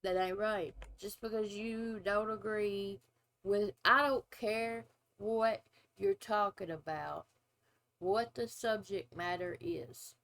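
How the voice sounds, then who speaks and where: Gravelly but fairly bright, her medium-pitched voice keeps a fairly even intonation over poor audio. She's a former nurse in her forties hosting a casual reaction video, giving blunt opinions and long, drawn-out asides.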